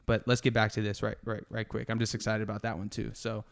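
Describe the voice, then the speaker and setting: A man's voice: on the low side, monotone, quick pace, vocal fry. A man hosting a casual faith podcast, talking in an earnest, confessional way, full of slang and emphatic asides. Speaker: podcast host.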